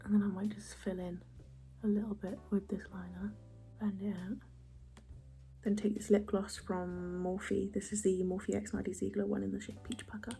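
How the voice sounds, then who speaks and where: A young woman chatting casually through a makeup routine, soft and often half-whispered, chatty and self-mocking. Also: medium pitch, level tone, moderate pace, creaky, soft background music. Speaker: beauty vlogger.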